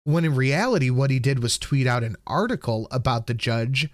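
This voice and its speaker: A man's voice: medium pitch, lively intonation, normal speed, dry recording, clean studio sound. A man co-hosting a casual political livestream, blunt and profane as he rants and reads out donations. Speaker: livestream co-host reading donations.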